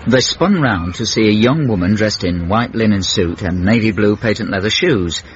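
A male narrator tells a radio comedy in a wry, measured way. His voice sits low but moves in lively pitch, and the old broadcast sounds dull with faint hiss.

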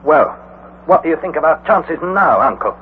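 An actor playing an anxious, excitable young man who also narrates the story, in an old radio drama with a tinny sound. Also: fairly high pitch, normal speed, natural voice. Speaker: Harry, nephew and narrator. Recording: tinny lo-fi old radio recording with faint hiss.

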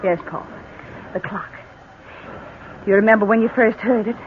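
A woman's voice: mid-range voice, close to an everyday voice. Vengeful mocking wife, played by a woman, 1940s radio drama, thin tinny broadcast sound. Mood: menacing. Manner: calm, taunting, slow and deliberate. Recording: tinny old radio broadcast, faint hiss.

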